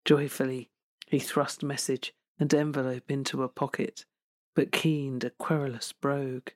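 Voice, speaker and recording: A woman reading a literary novel aloud as audiobook narration, in a slow, measured way. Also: very deep voice, flat delivery, no room sound, clean studio sound. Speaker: audiobook reader.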